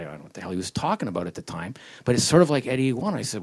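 Man, comedy writer on a live panel, rambling wry storyteller, very animated pitch. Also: rapid-fire, breathy edge. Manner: wry, rambling storyteller who slips into voices. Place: live event with an audience.

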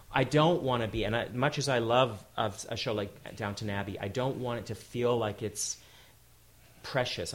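Animated man in a live onstage interview. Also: on the low side. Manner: animated, quick restarts, lively storytelling. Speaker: showrunner guest. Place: event hall with audience.

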